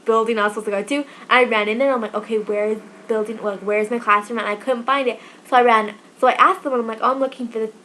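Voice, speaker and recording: Woman, early 20s, slightly high voice, chatty vlog storyteller acting out dialogue. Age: twenties. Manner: chatty, animated, acts out quoted dialogue. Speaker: vlogger.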